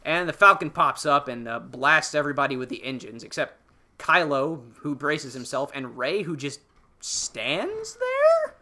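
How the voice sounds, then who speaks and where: A man hosting a podcast, telling a film's plot in a casual, profane, animated way and acting out the characters' lines. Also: fairly high pitch, unhurried, slight background noise. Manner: animated, profane storytelling with acted-out character quotes. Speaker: podcast host. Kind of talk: casual spoiler-filled film recap.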